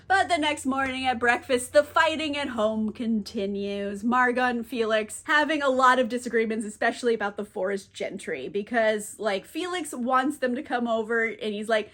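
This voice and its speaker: High-voiced chatty young woman. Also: moderate pace, hardly any pauses, bright, forceful tone. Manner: chatty, fills with "like", swears freely. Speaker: book reviewer. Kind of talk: casual book recap.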